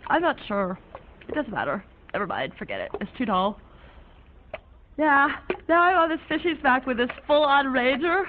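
Playing a rambling, free-spirited young woman calling a friend, this woman has a high-pitched voice with big pitch swings and a moderate pace. The breezy, quirky monologue full of odd ornate slang is a one-sided audio-drama phone call, heard through a narrow, phone-like channel with faint hiss.

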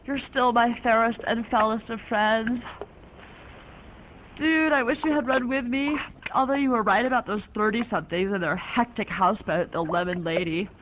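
In an audio drama, an actress plays a free-spirited, chatty, offbeat young woman who rambles breezily in quirky, ornate slang during a one-sided phone call to a friend. Her voice is on the high side, at a moderate pace and lightly acted, with narrow phone-like sound and a faint hiss.

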